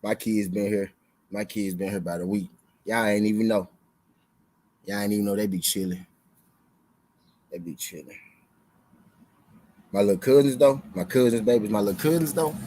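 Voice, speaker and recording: A man's voice: on the low side, steady tone, brisk, dark tone, low-quality recording. A young man hosting a sports betting stream in loose, slangy casual chat, repeating his lines for emphasis. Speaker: sports betting show host.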